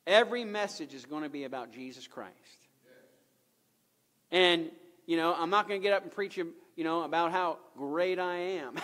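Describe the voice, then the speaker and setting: A man's voice: a little high, moderate pace, a bit bright. A man preaching a sermon in a church, emphatic and repetitive, asking the congregation rhetorical questions. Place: church sanctuary. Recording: echoey church hall.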